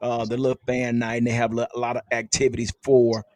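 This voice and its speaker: A man's voice: mid-range voice, monotone, quick pace, darkish tone, no echo. A man hosting a casual sports fan podcast, upbeat and chatty, laughing often. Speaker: podcast host.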